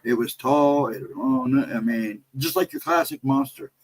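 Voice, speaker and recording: A middle-aged American man hosting a casual livestream, telling a story in a rambling, animated way and reading out chat messages. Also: mid-range voice, moderate pace, rough recording. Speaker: livestream host.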